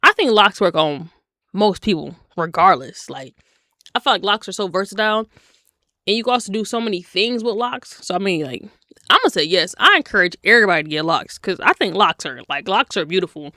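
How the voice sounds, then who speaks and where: A woman in her twenties chatting on stream, telling stories in a slangy, animated way with sudden jumps in pitch. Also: a little fast, no echo, studio quality. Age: 20s. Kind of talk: casual storytelling chat on stream.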